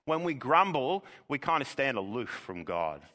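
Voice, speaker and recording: Male pastor, earnest sermon delivery, bright forceful voice, long hall reverb. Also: medium pitch, sing-song. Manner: earnest, measured preaching with repeated words.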